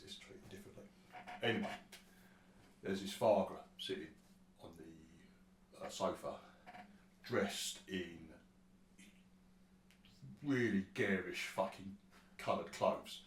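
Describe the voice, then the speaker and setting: A man's voice: low voice, slight background noise. A man narrating a tabletop game as game master, rambling and sweary, with many restarts. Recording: roomy sound from a distant mic with faint ambience.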